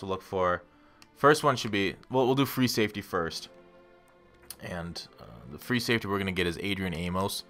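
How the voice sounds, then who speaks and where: A man's voice: on the low side, sharp tone. A man giving rambling, casual commentary on his gameplay and talking straight to his viewers. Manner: rambling, self-deprecating, talks to viewers. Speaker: gaming YouTuber.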